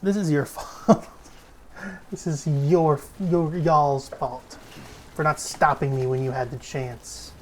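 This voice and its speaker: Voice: medium pitch, fairly even intonation, takes it slowly, a little hiss or hum. A game streamer giving loose, rambling commentary with lots of swearing and self-mockery. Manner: rambling, profane and self-mocking. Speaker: let's play streamer. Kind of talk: casual gameplay commentary.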